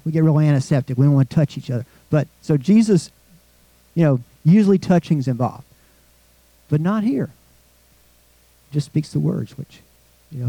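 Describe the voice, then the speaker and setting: A man's voice: fairly high pitch, warm tone, dry recording, low-quality recording. A man preaching a conversational sermon, asking the congregation questions as he goes. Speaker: pastor.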